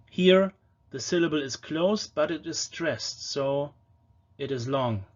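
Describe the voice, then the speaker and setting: Man slowly sounding out old words. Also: on the high side, dull audio. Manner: explains patiently, slows to sound out words. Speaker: language lecturer. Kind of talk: educational lecture on pronunciation.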